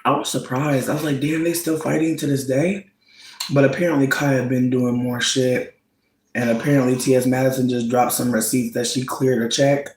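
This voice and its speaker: A man chatting casually, gossiping about reality TV in a slangy, campy style. His voice swings into high squeals when he quotes reactions. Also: flat delivery, moderate pace, a little mellow, roomy sound, rough recording. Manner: slangy, campy storytelling with frequent "bitch" and "like". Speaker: vlogger.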